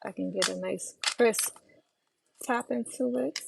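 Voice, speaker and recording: A woman talks casually to her livestream viewers while cooking dinner at home, reading their comments aloud and replying. Her voice sits a touch high, with a gravelly fry, and she sounds worn out from little sleep. Pots, pans and silverware clatter clearly behind her on the phone recording. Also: measured pace, background noise. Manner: chatty, reads out viewer comments and replies to them. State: tired from lack of sleep. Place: home kitchen. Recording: kitchen clatter of pans and cutlery.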